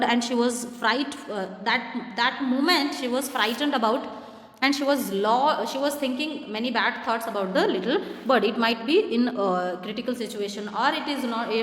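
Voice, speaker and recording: A woman's voice: a little high, moderate pace. A woman teaching an English lesson in Indian English, reading a story aloud and explaining it plainly, spelling difficult words letter by letter. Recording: echoey room with long reverb.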